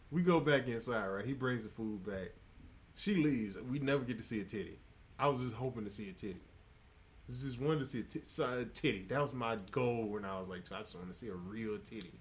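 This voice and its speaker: A man on a podcast telling a crude, profane story in casual talk, laughing often. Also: mid-range voice. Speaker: podcast host.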